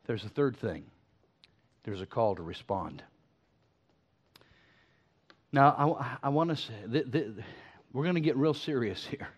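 An older male pastor preaching a sermon, folksy and animated, stumbling over his words and restarting as he goes. His voice sits at a middling pitch. The recording is slightly muffled. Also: measured pace, long pauses. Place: church.

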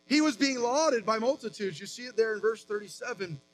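A man in his thirties preaching a sermon as pastor, with animated emphatic rises and quick asides. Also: sits high, slight background noise, rough recording.

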